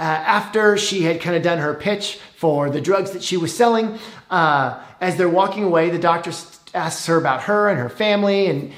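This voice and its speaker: Earnest man preaching, echoey room. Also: on the high side. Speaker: pastor. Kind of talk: sermon storytelling.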